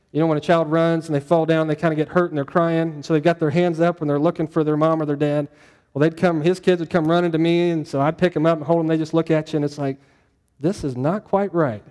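A man's voice: fairly high pitch, darkish tone. Folksy man preaching a sermon. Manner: conversational, folksy, asks the room questions. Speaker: pastor.

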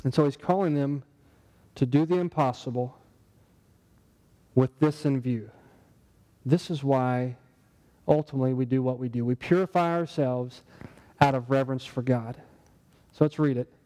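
A man's voice: mid-range voice, moderate pace, pauses often, warm tone, long reverb tail, poor audio. A man preaching a sermon in a conversational way, asking the congregation rhetorical questions. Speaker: pastor.

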